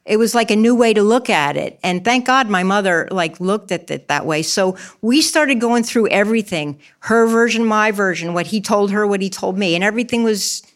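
A woman's voice: medium pitch, moderate pace, few pauses. A middle-aged woman giving a candid personal testimony in an interview, emotional and acting out her own past words. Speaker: guest telling her testimony. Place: church.

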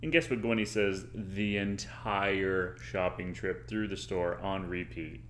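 A man's voice: sits low, steady tone, measured pace, a bit bright, slight background noise. Easygoing man telling a story in an echoey room. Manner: easygoing, laid-back storyteller. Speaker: co-host, father. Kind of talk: casual storytelling chat.

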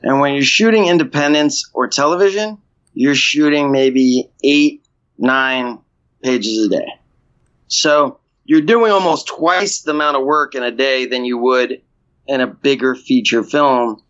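A man's voice: mid-range voice, unhurried, fairly bright tone. A man talking casually as an interview guest, rambling with many restarts and repeated fillers. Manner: rambling, restarts, frequent "you know". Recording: dull lo-fi sound.

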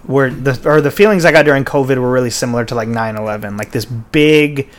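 A man's voice: mid-range voice, quick pace. Rambling, cursing podcast host man. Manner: rambling, profane, with frequent restarts and fillers. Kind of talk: casual podcast chat.

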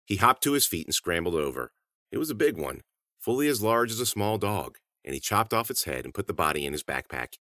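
Deep-voiced man narrating an audiobook. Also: a little fast, no room sound, studio quality. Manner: animated, clipped sentences.

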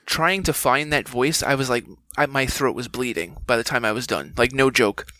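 A man who voices video game characters, telling a story in a casual, animated way and acting out the quoted lines. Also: mid-range voice, moderate pace, no echo, rough recording. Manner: animated, acts out quoted dialogue. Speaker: guest, game voice actor.

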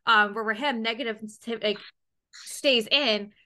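Bright bubbly woman hosting. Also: on the high side, a little slow. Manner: bubbly, upbeat, chatty storytelling. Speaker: podcast host. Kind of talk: casual interview chat.

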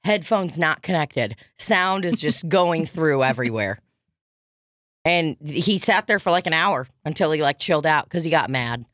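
Woman on a comedy podcast, lowish voice, laughs and swears a lot, dry close sound. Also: lively intonation, normal speed, a bit bright, no echo. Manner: laughs often, swears, acts out quotes. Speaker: podcast co-host. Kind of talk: casual comedy podcast chat.

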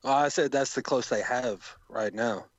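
A man's voice: mid-range voice, moderate pace, dry recording, highs cut off. A man on a podcast who drops short interjections into casual chat. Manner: brief interjections.

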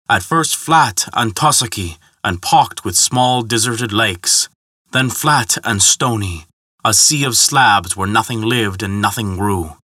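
A man narrating a myth in a measured, dramatic storytelling manner. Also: medium pitch, bright, forceful tone, no echo, studio quality. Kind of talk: scripted mythology narration.

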